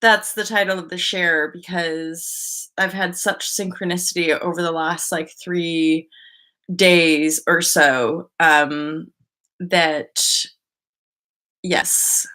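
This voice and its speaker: Woman, live-stream host, bright, tense edge, rambling and chatty. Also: lowish voice, steady tone, slow. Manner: rambling, chatty, greets viewers by name. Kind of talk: casual live-stream chat.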